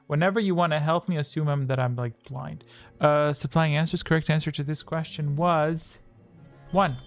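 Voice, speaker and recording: A slightly high-voiced man hosts a casual livestream quiz from home, speaking into a desk microphone. He rambles, restarts his sentences and reads viewers' answers aloud. Faint music plays underneath. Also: fairly even intonation, measured pace. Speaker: streamer hosting a quiz.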